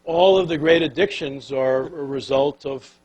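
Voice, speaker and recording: An older man giving a talk on leadership, telling a story in a folksy, animated way and sinking to a soft, hushed voice at the tender moments. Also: medium pitch, measured pace, slightly rough, low-quality recording. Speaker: speaker on leadership.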